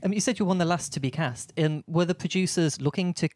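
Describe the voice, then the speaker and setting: A woman's voice: fairly low pitch, fast talker, a little mellow, dry recording. A woman hosting an interview show, encouraging her guest and summing up her stories for listeners. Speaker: host. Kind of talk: casual interview chat.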